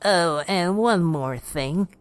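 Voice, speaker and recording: Brief: sweet, slow-spoken old lady shopper, high and courteous, put on by a male narrator. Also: no room sound. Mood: polite. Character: polite frail elderly woman shopper. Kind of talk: storytelling narration.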